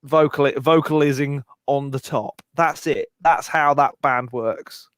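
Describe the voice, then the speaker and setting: A middle-aged man co-hosting a live music Q&A stream, joking around and talking in quick bursts with restarts. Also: medium pitch, fairly bright tone, no room sound, clean studio sound. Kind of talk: casual live-stream chat.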